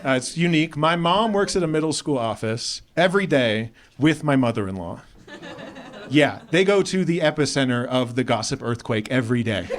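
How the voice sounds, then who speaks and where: Holding a stage mic in a comedy club, a young Australian with an American accent delivers an animated set, pitching his voice up high whenever he acts out quotes. Laughter from the audience runs through the live recording.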